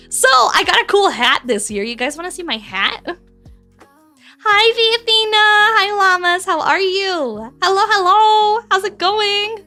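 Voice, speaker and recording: Bright, giggly, high-voiced woman streamer. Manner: chatty, giggly and casually profane. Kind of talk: casual chat with live chat.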